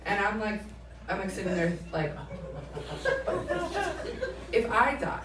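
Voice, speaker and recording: A woman in her twenties performing a stand-up comedy set, telling stories in an animated way and acting out the voices of the people in them. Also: mid-range voice, takes it slowly, a little hiss or hum. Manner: animated storytelling that acts out quoted voices, laughing between lines. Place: comedy club stage. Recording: roomy live club sound, mic at a distance, loud audience.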